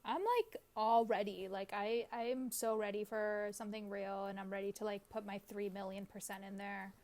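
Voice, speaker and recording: A woman guesting on a podcast in casual chat, recording remotely, talking animatedly with sudden loud bursts. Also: mid-range voice, flat delivery, moderate pace.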